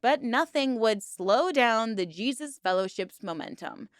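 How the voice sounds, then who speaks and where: Upbeat woman narrating a deep dive. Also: lively intonation, unhurried, no echo, clean studio sound. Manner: upbeat, playful, jokes about herself. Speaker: true-crime and cult video host. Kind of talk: scripted documentary narration and casual chat to viewers.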